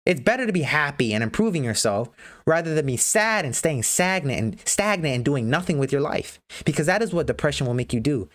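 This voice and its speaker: A woman livestream host giving a blunt, profane motivational rant. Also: extremely low pitch.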